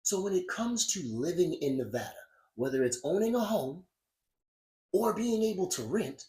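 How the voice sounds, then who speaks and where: A man's voice: high-pitched, sing-song, moderate pace, darkish tone. A man hosting a podcast, giving blunt, profane political commentary that grows heated and emphatic. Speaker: podcast host. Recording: roomy echo.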